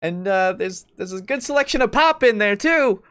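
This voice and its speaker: A woman's voice: medium pitch, lively intonation, normal speed, a bit bright, voice pushed up, natural voice. A man voicing a chipper, smiley middle-aged woman who tends a small store.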